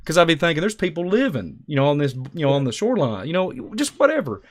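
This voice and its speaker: A man's voice: on the high side, very animated, fast talker. A man telling stories on a talk show, emphatic and rambling, acting out the voices of people in his stories. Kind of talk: animated storytelling on a talk show.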